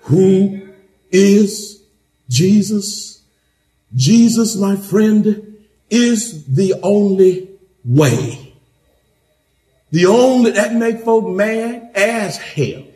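A man preaching a sermon as pastor in a church, with rising rhythmic emphasis that builds to shouts. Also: high-pitched, drawn-out words, long pauses. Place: church sanctuary.

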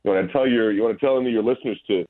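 Husky man on a tinny phone line. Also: lowish voice, very fast. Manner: rambling, hesitant, full of restarts. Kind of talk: casual phone interview.

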